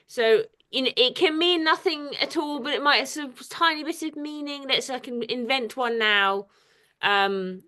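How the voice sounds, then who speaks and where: A woman's voice: a little high, normal speed, bright, forceful tone. A woman artist leading an informal poetry workshop over a video call, chatty and hesitant, with lots of ums. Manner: chatty, hesitant with many fillers.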